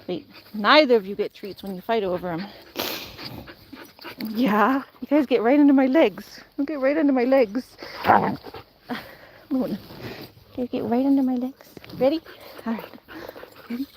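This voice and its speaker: A woman's voice: a little high, expressive, unhurried, long pauses, darkish tone, slight background noise. A woman vlogging outdoors near woods, playfully giving commands to dogs. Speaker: vlogger, dogsitter. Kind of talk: casual vlog talk to dogs.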